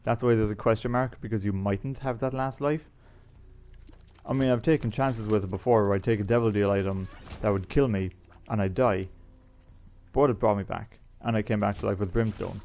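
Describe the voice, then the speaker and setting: A man's voice: lowish voice, normal speed, darkish tone. A man chatting casually as he plays a video game, rambling and explaining the items. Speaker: gaming YouTuber. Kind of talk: casual let's-play commentary.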